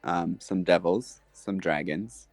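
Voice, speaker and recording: A man's voice: low voice, takes it slowly, dry recording, faint music behind. A man, a player in a tabletop game, recapping in a hesitant, laid-back way. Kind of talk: casual chat.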